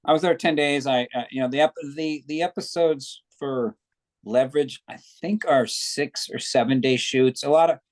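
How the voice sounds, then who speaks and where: A man's voice: mid-range voice, moderate pace. A man, a guest actor, chatting casually in an interview and telling long anecdotes.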